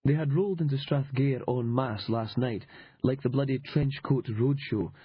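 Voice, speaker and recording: Husky, sardonic male audiobook narrator. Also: medium pitch, moderate pace, dry recording, muffled recording. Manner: dry, sardonic storytelling. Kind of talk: scripted narration.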